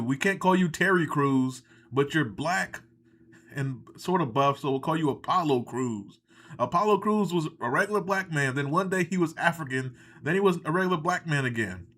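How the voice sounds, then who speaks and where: A man's voice: on the high side, fairly bright tone. Sarcastic, ranting man. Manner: sarcastic, profane, exasperated. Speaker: live stream reaction host. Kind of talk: casual ranting commentary.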